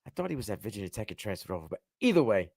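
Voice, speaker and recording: A man co-hosting a casual sports podcast, talking in an animated way with frequent restarts. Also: fairly low pitch, very fast, no echo. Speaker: podcast co-host.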